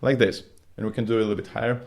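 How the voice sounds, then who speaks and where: Male vocal coach, somewhat low voice; patient, step-by-step singing lesson delivery with slightly phrasing. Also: level tone, rapid-fire, vocal fry, darkish tone. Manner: non-native phrasing, patient step-by-step explaining.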